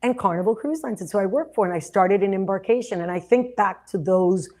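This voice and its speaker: A woman's voice: mid-range voice, animated, brisk, dark tone. A woman in her sixties hosting a webinar over a video call, effusive and dramatic, talking at length. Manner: dramatic and effusive, talks a lot. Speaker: host, cruise sales leader. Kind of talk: webinar chat.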